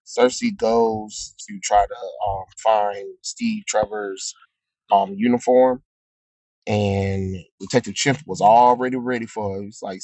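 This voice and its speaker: Male comic reviewer, low register, loose and chatty with plenty of filler, dry close-miked sound. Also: lively intonation, slow pace, mellow, no room sound, low-quality recording. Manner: rambling with frequent ums, chuckles at his own jokes. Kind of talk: casual comic recap.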